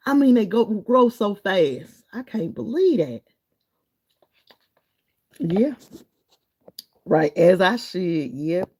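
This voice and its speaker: A middle-aged woman, hosting a live stream, chatting loosely with viewers and reading their comments in an encouraging way. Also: mid-range voice. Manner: chatty, warm and encouraging, wanders between topics.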